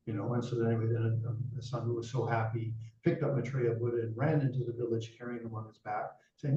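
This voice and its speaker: A man's voice: medium pitch, little pitch movement, fast talker, hardly any pauses, mellow. A male Buddhist teacher telling a dharma story in a casual, chatty way, full of "you know" asides. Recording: roomy, distant, dull sound.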